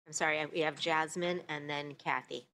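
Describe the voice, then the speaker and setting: A woman's voice: low-pitched, steady tone, fairly bright tone, slight background noise. A woman calling up speakers and encouraging them at a school board meeting. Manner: encouraging, brisk.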